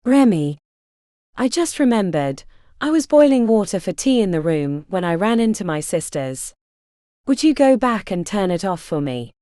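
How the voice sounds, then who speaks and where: A woman voicing a quiet, secretive young witch who speaks softly and sweetly, in an audiobook. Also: medium pitch, sing-song, moderate pace, no echo, clean studio sound, natural voice. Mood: sweetly pleading.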